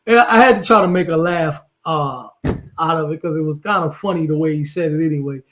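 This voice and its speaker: A man in a casual chat, relaxed and joking as he tells his side of the story. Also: on the high side, brisk, poor audio. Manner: relaxed, joking, laid-back. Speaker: guest, her partner.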